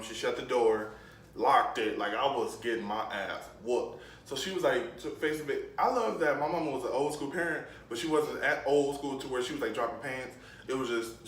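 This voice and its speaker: A man telling a funny story from his childhood as a casual vlog, laughing often and acting out the scenes. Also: medium pitch. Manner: animated, laughing, acts out the scenes. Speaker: vlogger. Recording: echoey room, mic at a distance, faint noise.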